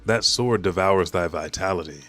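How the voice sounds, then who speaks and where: Guy doing a creepy ancient king, deep voice, slow old-timey menace. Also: fairly bright tone. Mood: menacing. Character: ancient ruler speaking in archaic cold tones.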